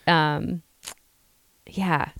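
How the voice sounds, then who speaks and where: A woman's voice: low-pitched, steady tone, a bit bright, no room sound. A woman co-hosting a podcast, discussing a film in a chatty way full of "like". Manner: chatty, lots of "like", quick laughs. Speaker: podcast co-host.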